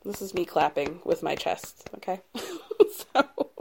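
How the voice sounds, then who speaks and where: A woman talks through a reality show recap in a relaxed, chatty way, and her low voice has a mellow, warm tone. She fills her talk with "like" and adds dry, sarcastic jokes along the way. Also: a little slow, creaky, slight background noise. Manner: chatty, sarcastic asides, frequent "like". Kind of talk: casual recap chat.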